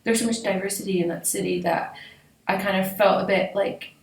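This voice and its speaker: A woman's voice: mid-range voice, fairly even intonation, a little fast, gravelly. A young woman whose first language is Spanish, a guest artist chatting casually and laughing with lots of fillers. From United States and Mexico. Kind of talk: casual interview chat. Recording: roomy, echoey, mic at a distance.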